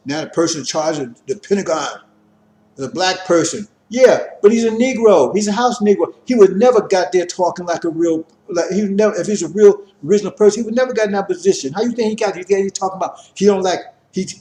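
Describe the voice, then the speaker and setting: A man giving an impassioned religious lecture, preachy and repetitive, rising to forceful emphasis. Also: high-pitched, roomy sound. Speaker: religious teacher.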